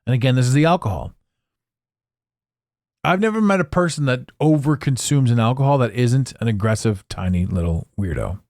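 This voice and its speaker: A man hosts his own podcast in a blunt, profane, freewheeling monologue. His pitch swings widely as he talks. The sound is close and dry, with no room around it. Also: animated, fairly quick, a little mellow, no room sound. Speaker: podcast host. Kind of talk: casual monologue.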